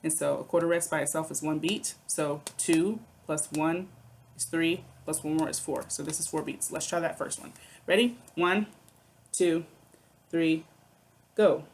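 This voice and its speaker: A woman's voice: sits low, fairly even intonation, moderate pace, gravelly, a little mellow, slight background noise. A woman teaching a music lesson, patiently explaining rhythms, counting aloud and chanting rhythm syllables. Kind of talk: recorded online music lesson.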